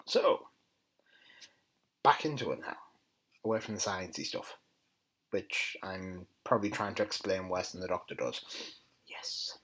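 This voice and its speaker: A man giving a chatty, enthusiastic spoken review, often dropping into quiet muttered asides. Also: deep voice, animated, a little slow, pauses often, slightly rough, rough recording. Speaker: TV episode reviewer.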